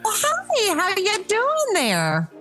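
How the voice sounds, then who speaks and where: A woman's voice: very high-pitched, huge pitch swings, takes it slowly, fairly bright tone, soft background music, exaggerated voice. A woman playing a flirty female island castaway with a drawling, flirtatious delivery in an improv comedy scene.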